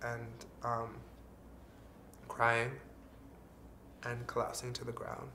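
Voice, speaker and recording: A man's voice: medium pitch, completely flat delivery, takes it slowly, over loud music. A man speaking in a candid, earnest confessional vlog, dropping the odd swear word. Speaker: vlogger.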